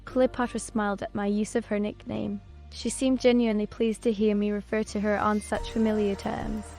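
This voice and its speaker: Female audiobook narrator, even first-person storytelling, flat and steady. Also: medium pitch, normal speed, gravelly. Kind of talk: scripted narration. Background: soft background music.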